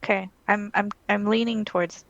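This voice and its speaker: A woman's voice: mid-range voice, fairly even intonation, moderate pace, muffled recording. A woman co-hosting a casual book podcast, thinking aloud and often restarting her sentences. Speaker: podcast co-host. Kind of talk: casual book-club chat.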